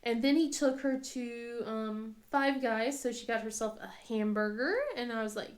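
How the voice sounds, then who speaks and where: A woman's voice: a little high, steady tone, moderate pace. A woman in her thirties chatting casually while crafting, telling stories with many fillers and laughs. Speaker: craft vlogger.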